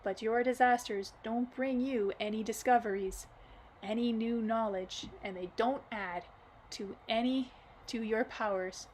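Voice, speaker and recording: A wise light-haired man explains things patiently and calmly, as a woman reads him aloud in an audiobook. The voice sits a little high. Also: measured pace, a little hiss or hum, natural voice.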